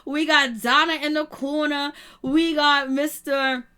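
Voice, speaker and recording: Speaking slowly in a high voice, a YouTube host chats live about a reality TV episode, her commentary casual and packed with slang. She animatedly reenacts quotes and laughs frequently.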